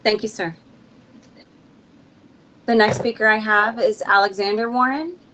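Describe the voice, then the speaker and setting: A woman's voice: medium pitch, steady tone, measured pace, sharp tone, dull audio, a little hiss or hum. A woman moderating a public hearing, giving brief, businesslike procedural announcements.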